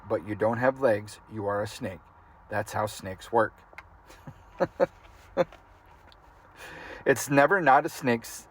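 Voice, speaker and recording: A man reading a funny memoir aloud, his voice sitting at an ordinary middle pitch. He keeps the delivery loose and conversational, as if chatting while he reads. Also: slight background noise. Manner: casual, amused reading that breaks into laughter. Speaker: audiobook reader.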